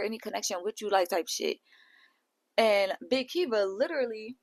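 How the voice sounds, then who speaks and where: A woman's voice: medium pitch, dry recording, poor audio. A woman hosting a reality show recap, chatting casually with profane, laughing asides. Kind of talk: casual chat.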